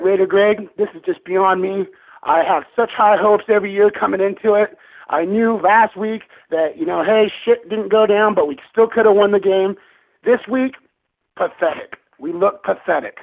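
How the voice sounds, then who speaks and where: A man's voice: high-pitched, vocal fry. A man calling in to a radio show, ranting in fury with heavy swearing about his team. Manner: furious, profane, exasperated. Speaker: caller. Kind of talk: angry fan rant. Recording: tinny phone line.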